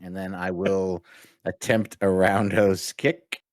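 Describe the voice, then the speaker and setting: A man's voice: low-pitched, little pitch movement, slow pace, dry recording, studio quality. A man playing a monk in a tabletop game, playfully describing his moves. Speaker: player. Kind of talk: casual tabletop play.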